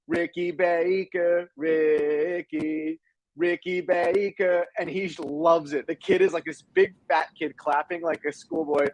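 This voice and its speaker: A young adult man co-hosting a casual movie review chat, animated and swearing casually as he retells scenes. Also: fairly high pitch, low-quality recording. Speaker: film review podcast co-host.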